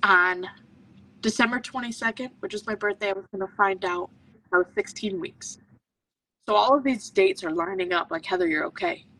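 With a mid-range, sharp-toned voice at a moderate pace, this woman recounts her own story as a podcast guest. She's a medical intuitive, earnest and intense, frequently voicing her thoughts aloud, and the mic catches her from a distance.

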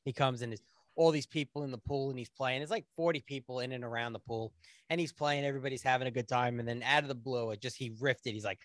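A man's voice: medium pitch, fast, a bit bright, dry recording. A man with a New York accent, a podcast guest telling blunt, profanity-laced stories in casual chat.

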